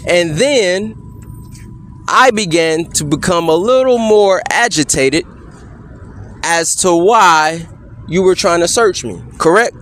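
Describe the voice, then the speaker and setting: High-voiced man pressing pointed questions. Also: lively intonation, a bit bright. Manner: pointed leading questions, repeatedly asking "correct?"; measured, insistent. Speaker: person questioning a police officer. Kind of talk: courtroom-style cross-examination.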